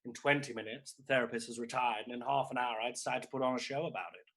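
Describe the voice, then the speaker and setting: A man's voice: mid-range voice, fast, fairly bright tone. A man doing a comedy character act as a grandiose, needy aging theatrical diva who talks in a camp, theatrical way and calls everyone darling. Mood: melodramatic.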